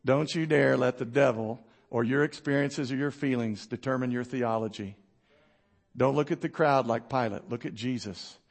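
A man pastor preaching a sermon, acting out Bible characters in quick voices and dropping low and quiet for emphasis. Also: gravelly.

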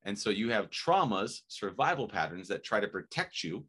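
A man hosting a casual interview who explains ideas in a rambling, animated way, often checking in with "right?". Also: fairly low pitch, normal speed, breathy edge.

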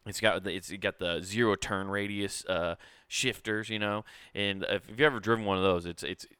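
A man's voice: lowish voice, fairly even intonation, normal speed, bright, forceful tone, smooth, no echo. A young man hosting a podcast, telling a casual, rambling story full of swearing and restarts. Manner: laid-back, profane, rambling with many restarts. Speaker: podcast host.

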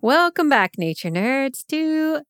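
A woman's voice: high-pitched, big pitch swings, slow pace, over music. A woman co-hosting a podcast, upbeat and playful, chiming in with jokes. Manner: bubbly, upbeat, playful interjections. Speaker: podcast co-host. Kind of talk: casual podcast chat. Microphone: podcast studio mic.

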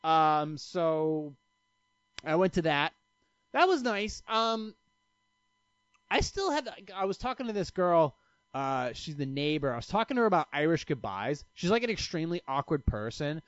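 A man's voice: fairly high pitch, sing-song, moderate pace, a bit bright, clean tone, no echo. Rambling, profane man hosting a podcast. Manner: rambling, profane, self-interrupting storyteller. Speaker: podcast host. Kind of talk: casual solo podcast chat. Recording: dry, slightly dull lo-fi sound.

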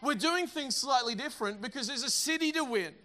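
High, bright-voiced pastor. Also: male voice, a little fast. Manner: energetic, emphatic, repeats words. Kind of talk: sermon.

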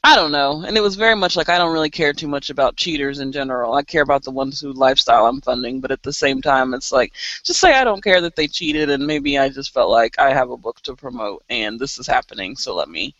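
A woman co-hosting a casual podcast chat, talking in an animated way with laughs and exasperated asides. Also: rumbling low, fast, no room sound, muffled recording. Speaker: podcast co-host.

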